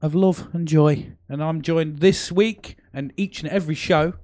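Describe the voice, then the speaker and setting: A man's voice: a little high, steady tone, unhurried, warm tone, no room sound. A man hosting a casual comedy podcast, jokey and teasing, laughing often at his friends. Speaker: podcast host. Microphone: podcast microphone.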